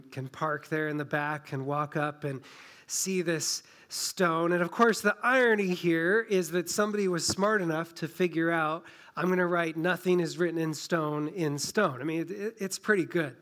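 A man with a fairly high voice preaching in a relaxed, conversational way while pressing hard on key points. He sounds like a pastor talking through a passage with his own congregation in a small-town church. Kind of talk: sermon.

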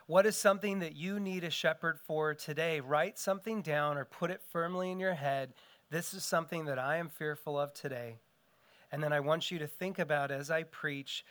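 A man's voice: fairly high pitch, moderate pace, a bit bright, smooth. A middle-aged man preaching a sermon as pastor in an earnest style, his voice rising and falling for emphasis.

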